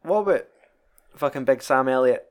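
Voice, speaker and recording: A man's voice: medium pitch, expressive, moderate pace. A young man with a Scottish accent chatting casually about a film, swearing freely and laughing often. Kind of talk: casual chat.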